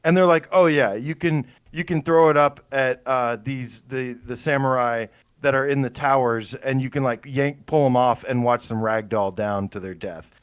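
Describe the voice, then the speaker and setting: A man's voice: mid-range voice, normal speed, clear, resonant tone, no room sound. A man co-hosting a casual gaming podcast, telling stories with lots of fillers and rambling enthusiasm. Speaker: podcast co-host.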